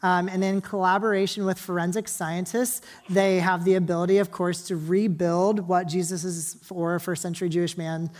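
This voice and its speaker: A young adult woman leads a church service, first reading scripture and praying in a soft, quiet voice. She then preaches in a relaxed, chatty sermon full of fillers and asides to the congregation. Her voice carries through a church hall. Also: on the low side, normal speed, few pauses. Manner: casual, chatty, with many fillers and audience asides. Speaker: pastor.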